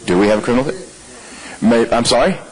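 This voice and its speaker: A man's voice: medium pitch, expressive, fairly quick, poor audio. A man leading a live leadership training workshop, talking conversationally to the room and firing off rhetorical questions.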